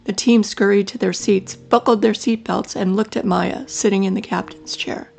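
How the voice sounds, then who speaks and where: A woman narrating a children's story in a gentle, measured storytelling manner. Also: medium pitch, steady tone, gravelly, breathy edge.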